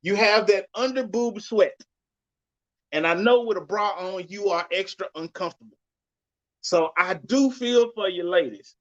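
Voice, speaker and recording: A man hosting a podcast, giving a loud, blunt, cursing rant with sudden jumps in pitch. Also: unhurried. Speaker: podcast host. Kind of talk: profane ranting monologue. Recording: dull lo-fi sound.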